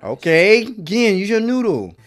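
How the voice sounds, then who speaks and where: Animated man reacting with faint music. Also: sits high, unhurried. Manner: animated, exclaims and laughs often, talks back to the screen. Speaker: anime reaction YouTuber. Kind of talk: casual reaction commentary. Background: faint episode soundtrack music.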